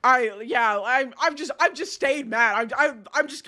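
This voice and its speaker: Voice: mid-range voice, expressive, unhurried, bright, forceful tone. A streamer giving casual commentary while reading chat screenshots aloud, stammering through restarts and ranting with heavy swearing. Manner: outraged, vengeful rants.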